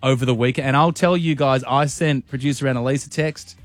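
A man's voice: mid-range voice, steady tone, brisk, dry recording, soft background music. A man hosting a radio show, joking around with his co-host in a studio and stumbling over restarts in a playful, self-mocking way. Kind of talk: breakfast-radio banter. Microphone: studio microphone.

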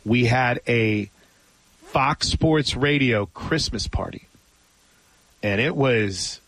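A man's voice: medium pitch, lively intonation, takes it slowly, a bit bright, no room sound, rough recording. A man hosting a sports talk radio show in a studio, chatty and telling stories. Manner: chatty, storytelling. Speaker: radio host.

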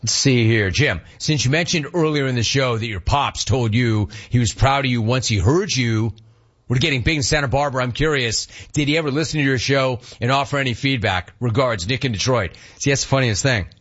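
A middle-aged man hosting a sports radio show, answering listener questions in a casual, animated way and acting out dialogue. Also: medium pitch, a little fast, muffled recording. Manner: animated storyteller, acts out dialogue.

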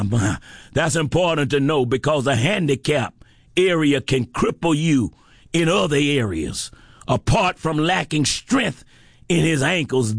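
This preacher's high voice swoops and climbs to shouting before dropping back down, full of passion. He takes his time, stretching out and repeating phrases for emphasis, all captured in a close, dry recording.

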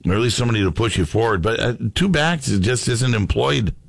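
A man's voice: medium pitch, expressive, a little fast, creaky, no echo. A man hosting a sports radio show, chatting casually and reading out listener messages. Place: radio studio.

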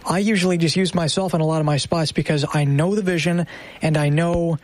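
Young male radio producer, chatty and upbeat, light higher voice. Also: fairly even intonation, brisk, no echo. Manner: upbeat, self-deprecating, chatty. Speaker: military radio producer and voice actor. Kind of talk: casual chat.

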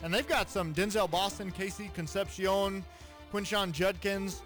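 A man hosting a sports radio show in casual, joking talk with quick asides. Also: high voice, steady tone, a bit bright, faint music behind.

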